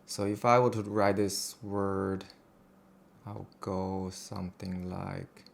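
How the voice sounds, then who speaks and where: A man with a very deep, gravelly voice talks slowly and flatly. He stumbles through a casual lesson, hesitant and self-deprecating. Faint noise sits behind him. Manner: halting, self-deprecating, with fillers. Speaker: teacher.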